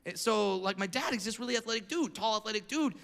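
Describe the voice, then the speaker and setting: A man from California doing stand-up comedy, brash and punchy, building to shouted rants. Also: high voice, fast talker, vocal fry.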